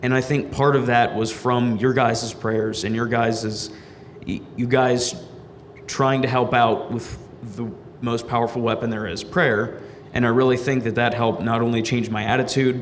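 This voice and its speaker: A man giving an earnest, halting testimony about a mission trip to his church. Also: medium pitch, steady tone. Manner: earnest, halting, restarts sentences. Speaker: youth mission trip member. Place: church sanctuary. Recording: long church reverb, faint noise.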